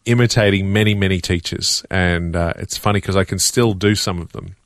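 A man's voice: low-pitched, fairly even intonation, fairly quick, dry recording. A man, an impersonator and comedian, chatting casually as a radio studio guest, laughing often and restarting sentences. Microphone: studio microphone.

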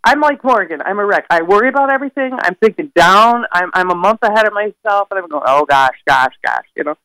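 An older woman calling in to a radio show, chatting in a self-deprecating, animated way about her family. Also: medium pitch, quick pace, no echo, low-quality recording. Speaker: caller. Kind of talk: casual radio chat.

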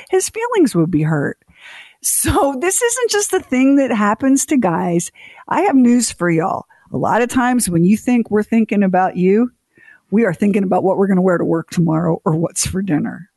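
A woman co-hosting a radio show, telling stories in a lively, teasing way with mock voices. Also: medium pitch, normal speed, no room sound. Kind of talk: casual radio chat.

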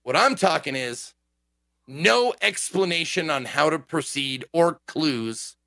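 A man with a fairly high voice rants about a game in a casual podcast chat. His pitch leaps and dips all over as he gets worked up, and he swears freely throughout. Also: slow pace, dry recording. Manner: animated ranting, frequent swearing. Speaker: game streamer.

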